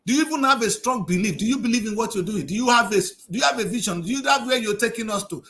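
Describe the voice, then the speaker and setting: A man's voice: high voice, animated, fast, sharp tone. A man giving impassioned political commentary on a TV review show, scolding and firing off rhetorical questions.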